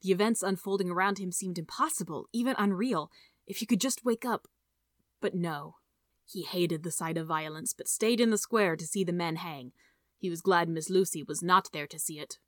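A woman reading a story aloud in a steady, measured narration. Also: on the low side, no room sound, clean studio sound. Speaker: audiobook reader.

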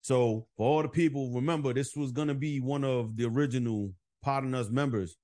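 A man's voice: mid-range voice, fairly quick. Profane New man telling a bar story. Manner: animated, profane storytelling, acts out quoted voices. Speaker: podcast host. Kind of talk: casual storytelling chat.

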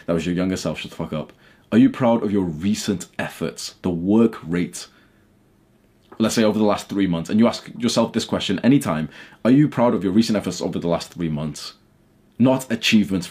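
A young man with a husky, somewhat low voice talks straight to camera from his bedroom. He is blunt and heated, swears freely, and keeps pushing his point at the viewer. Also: fairly quick, a little mellow. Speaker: YouTuber. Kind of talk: casual talk to camera.

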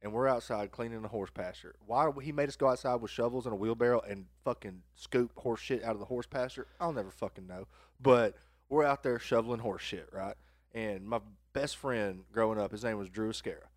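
A man's voice: medium pitch, fairly quick, no room sound, studio quality. A man co-hosting a podcast, telling a crude story in casual chat and laughing along the way. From Arkansas. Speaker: podcast co-host.

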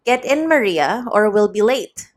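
A practical older aunt who speaks briskly and hurries others along, in an audiobook, as a woman reads her. Her voice sits at an ordinary middle pitch. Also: lively intonation, close to an everyday voice.

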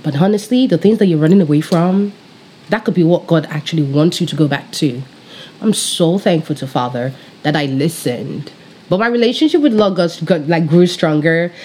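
A woman in her thirties from Nigeria, with a Nigerian accent touched by British influence, telling her faith story in a bubbly, animated way. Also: low voice, normal speed, a little hiss or hum. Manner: bubbly, animated, laughs often, speaks straight to viewers. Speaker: pastor. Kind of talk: personal faith testimony, casual storytelling.

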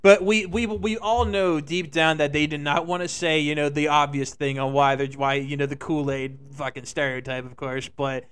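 A man's voice: on the high side, fairly even intonation, normal speed, few pauses, fairly bright tone, clear, resonant tone. A young man co-hosting a podcast, joking loosely and swearing in casual banter. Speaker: podcast co-host.

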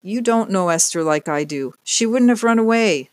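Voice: mid-range voice, animated, normal speed, no echo, pitched above the performer's own voice, lightly acted. A narrator voicing a fierce, protective young woman who talks urgently and insistently. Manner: urgent, forceful.

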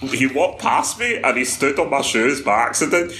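A man's voice: mid-range voice, very animated, moderate pace, sharp tone, reverberant, slight background noise. A man hosting a casual interview, mostly giving short agreeing replies and asking questions in an easygoing way. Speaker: podcast interviewer.

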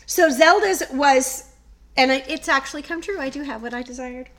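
This middle-aged podcast co-host has a high voice with a fairly bright tone and speaks at a normal speed. She tells a story in a casual, chatty way and laughs often.

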